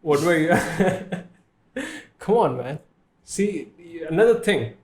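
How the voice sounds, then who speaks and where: A man in his thirties from India with an Indian English accent, hosting a casual podcast chat, animated and joking, laughing often. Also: fairly high pitch, takes it slowly. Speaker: podcast host, art teacher.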